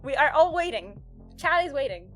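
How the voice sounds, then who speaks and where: A woman's voice: sits high, very animated, normal speed, a bit bright, soft background music. A woman streaming a game, chatting casually and rambling through stories with lots of fillers and giggles. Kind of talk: casual live-stream chat.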